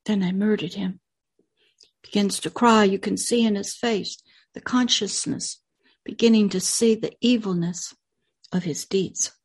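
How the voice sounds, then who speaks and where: Slow, husky woman retelling a film. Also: medium pitch. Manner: slow, earnest, with emphatic repetitions. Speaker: religious video channel host.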